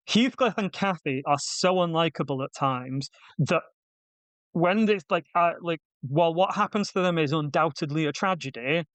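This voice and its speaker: A man with a fairly high, clear, smooth voice talks through a film review in casual podcast chat. He is wry and self-deprecating, full of quick asides, and sounds close and dry on the mic. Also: fairly bright tone, dry recording.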